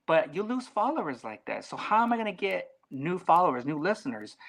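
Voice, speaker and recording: Blunt, cussing man talking podcasts. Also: high-pitched. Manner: blunt, profane, animated. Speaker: podcast guest. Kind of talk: casual podcast chat.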